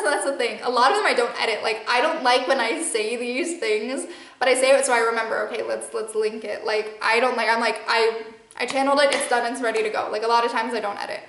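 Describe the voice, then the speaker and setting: Rambling Midwestern woman, slightly high voice. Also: brisk, fairly bright tone, echoey room, low-quality recording. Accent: Midwestern American. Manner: rambling, restarts often, laughs often. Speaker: podcast host and channeler. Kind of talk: casual monologue.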